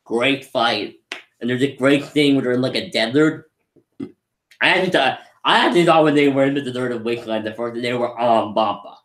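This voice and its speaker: A man's voice: medium pitch, moderate pace, a bit bright. A young man rambling enthusiastically through a casual live movie review, often restarting his sentences. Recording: roomy echo.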